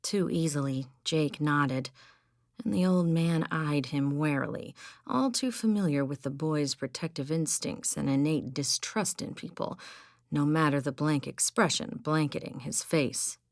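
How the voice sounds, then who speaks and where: A woman reads an audiobook aloud in a measured, even storytelling manner. Her voice sits low with a gravelly edge, recorded close and dry. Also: dry recording. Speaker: audiobook narrator. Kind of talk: scripted narration. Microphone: close studio mic.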